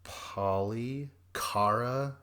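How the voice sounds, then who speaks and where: A man hosting a podcast, recapping a reality show in a rambling, profane way and acting out quoted people in quick voices. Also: mid-range voice, sharp tone. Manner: rambling and profane, jumps between notes. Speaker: podcast host.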